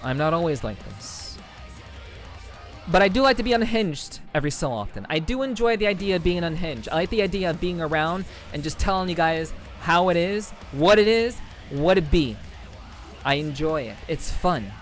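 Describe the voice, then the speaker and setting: A man's voice: fairly high pitch, expressive, moderate pace. A man chatting casually with his livestream audience in a profane, rambling way, often repeating himself and laughing. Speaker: livestreamer reading chat. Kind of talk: casual stream chat. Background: faint background music.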